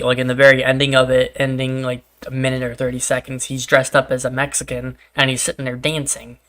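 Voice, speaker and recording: Young man, laid-back rambling chat, swears a lot, even flat delivery, crisp bright tone. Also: medium pitch. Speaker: gaming streamer. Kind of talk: casual chat while gaming.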